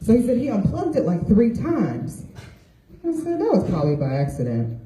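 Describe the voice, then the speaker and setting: A middle-aged woman performs a stand-up comedy set onstage, telling stories and voicing the people in them while the audience laughs. Her voice is fairly high and mellow, with huge pitch swings at a normal speed. The room sounds echoey.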